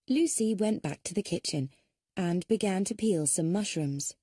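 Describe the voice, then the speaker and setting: A woman narrating a mystery audiobook in a steady storytelling manner. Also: fairly low pitch, normal speed, breathy edge, no echo, studio quality. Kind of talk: scripted narration.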